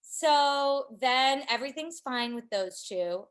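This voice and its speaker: A woman's voice: high-pitched, animated, takes it slowly, a bit bright. A woman co-hosting a casual podcast recap, laughing often and acting out quotes. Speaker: podcast co-host.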